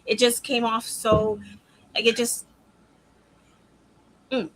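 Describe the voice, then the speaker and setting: A woman co-hosting a casual wrestling chat show, animated and emphatic, quick to agree. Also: on the high side, rough recording. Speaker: podcast co-host.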